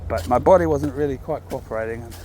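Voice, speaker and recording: A man talking casually and reflectively while walking his dog in a park, sometimes calling out loudly to it. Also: medium pitch, fast talker, background noise. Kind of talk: casual outdoor vlog narration. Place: outdoors in a park.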